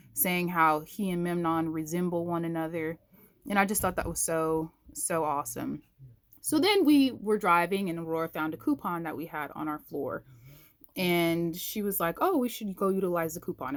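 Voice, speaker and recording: A woman telling a personal faith story to her viewers in a casual, animated way, acting out the quoted voices. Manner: animated, acts out quoted voices with big pitch jumps; talks to viewers directly, uses "y'all". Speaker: vlogger sharing a faith story.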